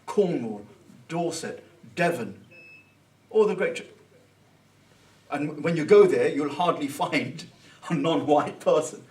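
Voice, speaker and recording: A man gives an informal Sunday talk at an Islamic centre, thinking out loud in a conversational way and mixing in Arabic phrases. His voice sits a little high and is picked up from some distance away from the mic. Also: animated, slow, long pauses. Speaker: Islamic teacher.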